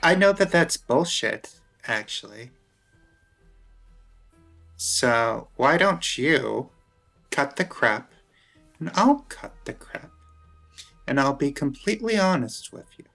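A man speaking as his character in a tabletop game, slow and coldly confronting. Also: medium pitch, big pitch swings, creaky, fairly bright tone, soft background music.

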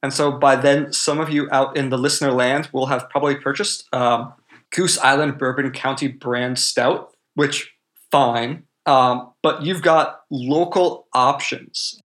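A man's voice: mid-range voice, fairly even intonation, a little slow, fairly bright tone. A man hosting a casual podcast chat, rambling with many ums and likes. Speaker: podcast host.

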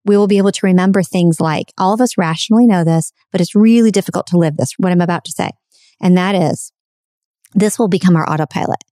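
A woman's voice: lowish voice, quick pace, dark tone, dry recording, clean studio sound. A middle-aged woman hosting a podcast, giving an earnest, reflective spiritual self-help talk and repeating phrases for emphasis. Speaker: podcast host.

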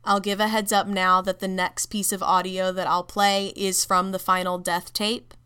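A woman podcast host narrating a story in a measured, casual way. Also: mid-range voice, flat delivery, sharp tone, smooth.

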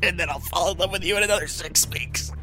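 Man, comedy podcast co-host; deadpan mock-romantic improv, clear bright tone. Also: high-pitched, fast talker, soft background music.

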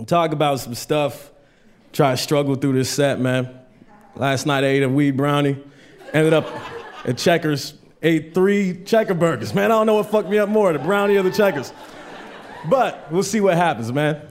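A man doing a stand-up set in a comedy club, telling loose stories full of swearing and acting out the people in them. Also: on the high side. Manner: loose storytelling, swearing, acts out voices.

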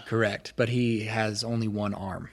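A man's voice: fairly low pitch, level tone, a little slow. Casual man narrating a tabletop game. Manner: casual, hedging with filler words. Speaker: game master.

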